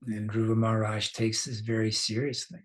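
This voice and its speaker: A man's voice: lowish voice, little pitch movement, brisk, a bit bright. A man teaching a scripture class, telling the story casually, laughing now and then and quizzing his listeners.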